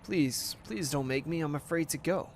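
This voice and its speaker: A man's voice: a little high, normal speed, a little hiss or hum, lightly acted. A man voicing a frightened teenage girl singer, pleading and fearful as he reads game dialogue aloud.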